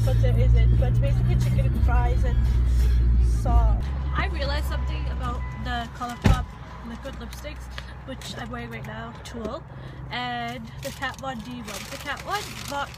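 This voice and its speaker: A woman's voice: on the high side, low-quality recording. A young woman in her twenties chatting casually to the camera as a vlogger, giggly and chatty while she is out and about. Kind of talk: casual vlog chat. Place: in a car and outdoors in a park. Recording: music playing behind.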